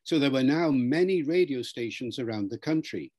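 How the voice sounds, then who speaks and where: An older man with a slightly husky voice explains in an unhurried, lecturing manner. His pitch moves a lot as he stresses points, spells out words and demonstrates sounds. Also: lively intonation, mellow. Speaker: linguist being interviewed. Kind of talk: explanatory interview answer.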